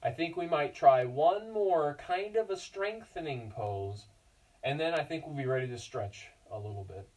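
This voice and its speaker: A man's voice: on the high side, expressive, moderate pace, darkish tone, recorded from a distance, low-quality recording. A man teaching a yoga class for children, giving cues in an encouraging, playful way and chatting to his dog between poses. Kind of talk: guiding a kids yoga class.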